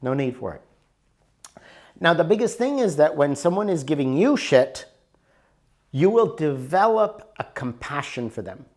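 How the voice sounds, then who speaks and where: A man's voice: a little high, very animated, a little slow, long pauses, a little mellow. A man teaching a self-help workshop in an emphatic, conversational way. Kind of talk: recorded workshop talk.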